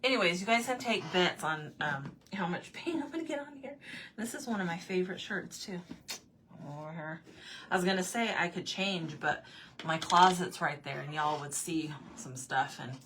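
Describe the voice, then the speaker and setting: A woman's voice: fairly low pitch, lively intonation, normal speed, fairly bright tone, a little hiss or hum. A woman chatting casually with her livestream viewers while she paints at home, answering their comments and laughing often. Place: home room with desk.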